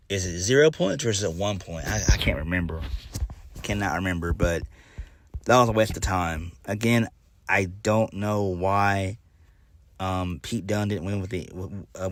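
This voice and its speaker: A man's voice: sits low, dry recording. A man giving a casual spoken review, rambling with lots of fillers and restarts, blunt and swearing now and then. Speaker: wrestling reviewer.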